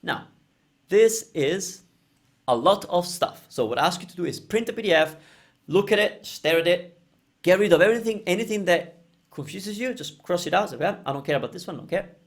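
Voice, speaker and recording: Male teacher, slightly high, gravelly voice, checks in often. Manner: animated, repeats phrases slowly, frequent "okay?". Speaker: language teacher. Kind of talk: explaining lesson over slides.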